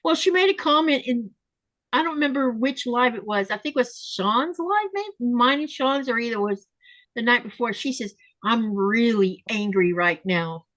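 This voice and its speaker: A woman's voice: sits high, expressive, moderate pace, fairly bright tone, dry recording. A woman hosting a casual live chat, reading viewer comments aloud and laughing often. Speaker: live stream host.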